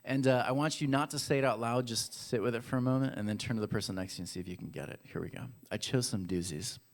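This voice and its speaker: A pastor speaks fast in a mid-range voice, delivering a chatty, playful sermon that includes audience games. He addresses the congregation directly in a church hall.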